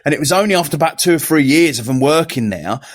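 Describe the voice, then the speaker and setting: Brief: British male co-host, casual storyteller, fairly high voice, easygoing digressions. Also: lively intonation, fast. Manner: rambling storyteller, joking and swearing. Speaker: podcast co-host. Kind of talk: casual chat.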